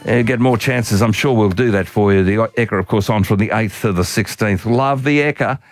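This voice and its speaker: A man's voice: fairly low pitch, brisk, no room sound, soft background music. A man with an Australian accent hosting talk radio, chatting and joking with a co-host and callers. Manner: jokey, chatty.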